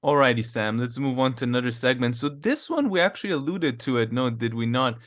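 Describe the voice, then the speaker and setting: Calm man co-hosting a podcast. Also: medium pitch, brisk, soft background music. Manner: calm, short backchannels, steers segments. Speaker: podcast co-host. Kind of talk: casual chat.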